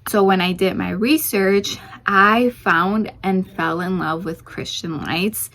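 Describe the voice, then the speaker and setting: A woman's voice: medium pitch, fairly even intonation, slow pace, a bit bright. A young woman who hosts a homeschooling channel, chatting casually through a curriculum review with lots of fillers and restarts, a little out of breath. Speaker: homeschooling mom channel host.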